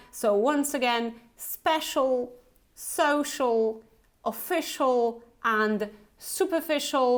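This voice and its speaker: A woman with a Polish accent, a native Polish speaker, teaching English pronunciation. She says each word slowly and repeats it so learners can copy it. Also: on the high side. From Poland. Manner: models words slowly and repeats them for drilling. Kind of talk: pronunciation lesson.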